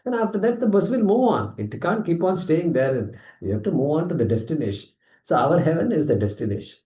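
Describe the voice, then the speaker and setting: Indian-accented male scripture teacher, conversational and animated, mellow voice, reverberant hall sound. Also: on the high side, brisk. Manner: animated, conversational, acts out objections. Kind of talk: scripture class lecture.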